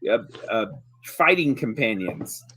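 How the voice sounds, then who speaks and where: A man's voice: medium pitch, sing-song, unhurried, sharp tone, husky, full character voice. A man voicing an earnest young male warrior who stammers when embarrassed. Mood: flustered. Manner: stammering, flustered.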